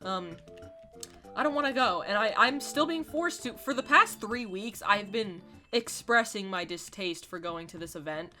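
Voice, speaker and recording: A woman's voice: mid-range voice, animated, moderate pace, sharp tone, soft background music. A young woman in her late teens, chatting through a dramatic, exasperated storytime rant while playing a game. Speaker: gaming YouTuber.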